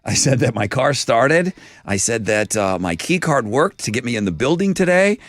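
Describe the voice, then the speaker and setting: A man's voice: medium pitch, big pitch swings, normal speed, no echo. A man hosting a morning radio show, joking with co-hosts in a studio and doing live ad reads.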